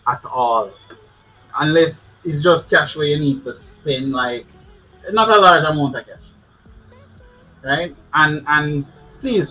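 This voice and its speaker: A man's voice: a little high, pushed and bright, lo-fi sound. A man with a Jamaican accent giving casual advice to his viewers, chatty, laughing often and repeating words. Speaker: channel host. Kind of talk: casual advice talk to camera.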